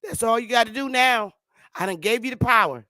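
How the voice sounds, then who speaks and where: A woman vlogger sitting at home, ranting loudly and profanely to her viewers and laughing often. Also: a little high, brisk, no echo, clean studio sound. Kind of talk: profane comic rant to viewers.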